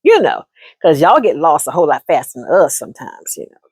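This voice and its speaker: A woman spins a casual advice story straight to camera, laughing along and calling her listeners honey. Her husky, fairly high voice swoops all over the place, and the recording sounds close and dry. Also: a little fast, dry recording. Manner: animated, laughs often, calls listeners honey. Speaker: storyteller giving relationship advice.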